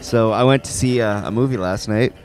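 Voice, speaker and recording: A man's voice: on the low side, a little fast, over loud music. A man chatting on a podcast with a teasing, playful edge. He jokes at his co-hosts' expense and laughs freely. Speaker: podcast co-host. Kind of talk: casual chat.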